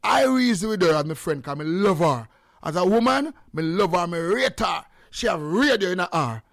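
A man's voice: sits high, animated, moderate pace, gravelly, a bit bright, dry recording, clean studio sound. A man with a Jamaican accent hosting a call-in radio show, chatting casually and repeating himself as he slips into patois. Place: radio studio.

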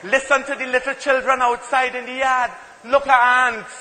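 A man's voice: very high voice, flat delivery, moderate pace, sharp tone. A man with a Trinidadian accent performing stand-up comedy in an emphatic, playful storytelling manner. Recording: hall reverb, faint ambient noise.

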